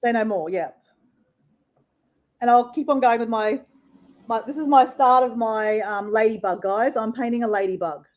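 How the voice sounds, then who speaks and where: An Australian woman hosting a casual live chat, talking in a chatty, animated way full of fillers while she paints. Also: fairly high pitch, normal speed, long pauses. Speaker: live stream host.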